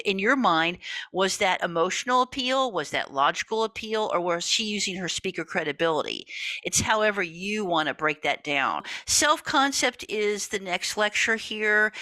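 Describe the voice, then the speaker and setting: A woman teaching a college communication class in a lively, talkative lecture style, often checking in with "right?". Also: medium pitch, dry recording. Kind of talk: recorded lecture.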